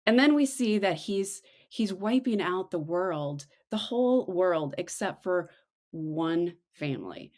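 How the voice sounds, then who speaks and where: A middle-aged woman co-hosting a casual devotional chat, slowing and softening on her reflective points. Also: sing-song. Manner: acts out quoted voices with big pitch jumps. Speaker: podcast co-host.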